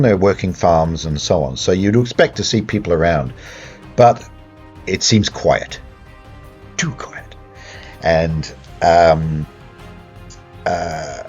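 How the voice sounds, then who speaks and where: Man, game master, very deep voice, halting, lo-fi sound, faint music. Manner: halting, full of fillers and restarts. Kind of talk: narrating a tabletop horror game.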